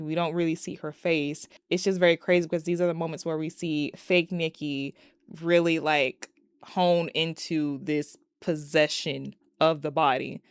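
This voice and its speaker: In a smooth, deep voice recorded in studio quality with no echo, a woman who reviews movies recaps a film's plot. She's casual and chatty, swears freely, and tosses in exasperated asides.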